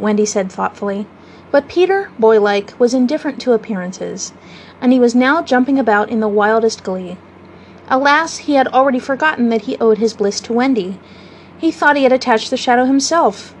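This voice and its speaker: A woman reading a classic children's story aloud as a radio storyteller, measured and expressive. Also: medium pitch, a little hiss or hum, rough recording.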